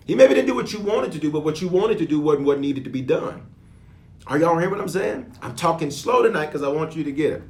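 Preacher guy leading prayer, gets loud on the big lines, keeps clearing his throat, roomy echo. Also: on the high side, expressive, fast talker. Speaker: bishop. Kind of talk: sermon and prayer.

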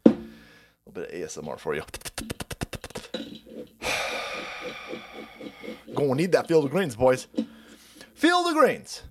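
A man's voice: medium pitch, huge pitch swings, moderate pace, pauses often, music in the background. A man hosting a livestream, ranting in a sarcastic, profane, rambling way and often laughing between lines. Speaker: livestream host. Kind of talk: livestream rant.

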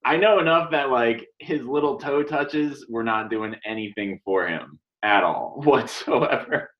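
A man's voice: medium pitch, a little slow. A man co-hosting a podcast in casual chat, swearing freely and laughing through his sentences. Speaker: podcast co-host. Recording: dull lo-fi mic.

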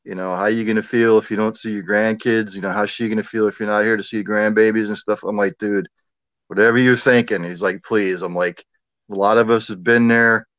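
A man with a low voice tells a personal story in a loose, chatty way, full of asides and fillers. His voice is dry and close, with a dull, lo-fi sound. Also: flat delivery, a little fast, fairly bright tone, no echo. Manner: conversational, many fillers and asides. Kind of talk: casual storytelling.

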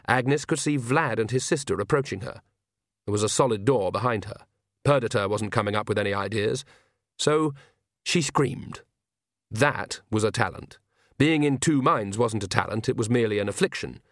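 A man narrating a comic fantasy audiobook with a dry, even storytelling manner. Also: mid-range voice, normal speed, no room sound. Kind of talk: scripted narration.

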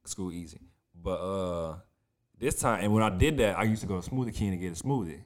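A young man, a podcast co-host, telling a story in casual chat, animated and profane, acting out what other people said. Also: deep voice, brisk. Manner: animated, profane storyteller who acts out quoted voices.

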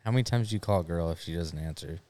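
A man's voice: low voice, very fast, heavy background noise. A man joining a casual podcast as a guest, joking around and laughing. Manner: goofy, laughing. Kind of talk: casual chat.

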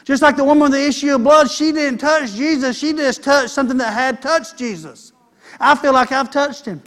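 A man's voice: very high voice, moderate pace, fairly bright tone. A man preaching a sermon in a folksy, conversational way.

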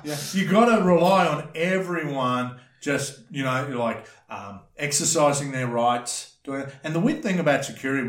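Blunt Australian man in a roomy space. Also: medium pitch. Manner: rambling, blunt, fond of slang. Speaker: podcast guest, former bouncer. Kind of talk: casual storytelling chat. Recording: roomy echo.

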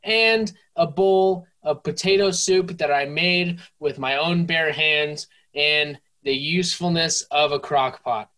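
A young man co-hosting a casual podcast, tipsy and playful, slipping into mock-infomercial pitches. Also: sharp tone. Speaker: podcast co-host. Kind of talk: casual drunk podcast banter.

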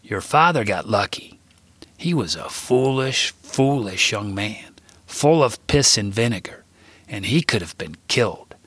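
A man's voice: lowish voice, animated, fairly bright tone, husky, no echo, exaggerated voice. A man doing a stern old grandfather. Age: older. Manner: slow, grave lecturing. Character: stern old grandfather warning about bears.

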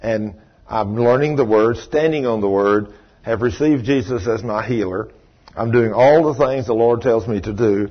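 A man's voice: mid-range voice, normal speed, husky, highs cut off. A man preaching a storytelling sermon in a conversational way, full of "you know".

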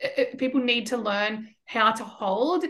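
A woman's voice: a little high, measured pace, a bit bright. A woman hosting a podcast, chatting casually and affirming her guest, with casual swearing. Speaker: podcast host.

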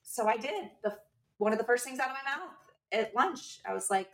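A woman co-hosting a casual chat, telling stories in a lively way and acting out the lines of the people in them. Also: fairly high pitch, a little fast, distant mic. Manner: animated, acts out quoted dialogue. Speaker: podcast co-host and bridal shop owner.

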